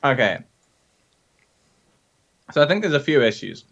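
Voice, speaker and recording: A man's voice: mid-range voice, sing-song, unhurried, vocal fry, a bit bright. Dry British man, lo-fi sound. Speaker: podcast co-host. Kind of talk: casual chat.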